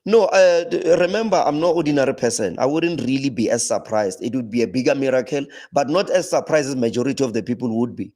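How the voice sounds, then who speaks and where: A man with a South African accent, talking football as a guest in a casual chat. His voice leaps high when he gets animated. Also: fast talker, few pauses. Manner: animated, pitch jumps high when laughing or exclaiming, frequent restarts.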